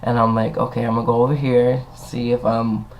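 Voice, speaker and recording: Brief: young male vlogger, sassy and animated, swears, plays every part of the argument himself. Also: mid-range voice, brisk, muffled recording, a little hiss or hum. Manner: acts out both sides of an argument with voiced quotes. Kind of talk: casual storytime rant.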